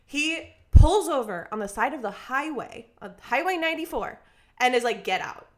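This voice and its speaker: In casual chat on a podcast she co-hosts, a young Minnesota woman tells a long story, animatedly acting out everyone's lines and saying "like" constantly. Her voice is high and her pace normal.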